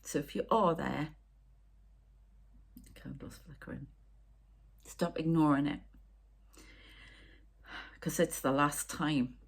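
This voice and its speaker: A woman medium talks casually to her viewers on a spiritual vlog, her voice a little low and husky. She rambles emotionally and often sinks to a near whisper. She sounds upset but keeps talking. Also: steady tone, slow pace, long pauses. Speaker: spiritual medium and channel host.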